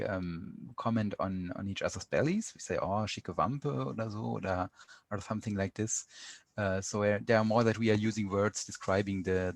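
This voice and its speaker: A man with a German accent, a podcast guest answering questions in casual chat with many pauses and restarts. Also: sits low, gravelly, no echo. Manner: hesitant, many fillers and restarts.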